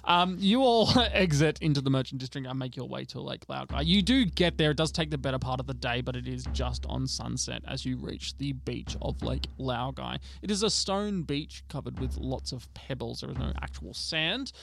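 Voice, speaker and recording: A man's voice: medium pitch, normal speed, gravelly, few pauses, a bit bright, slight background noise. A man acting as game master of a tabletop role-playing game, narrating playfully and laughing often. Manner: playful, laughing, hamming up a pompous noble father.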